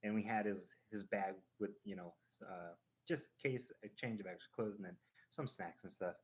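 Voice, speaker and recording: Male stream host, lowish voice, casual rambling storyteller who acts things out. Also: normal speed. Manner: animated, acting out a ride with sound effects; rambling, with restarts and fillers.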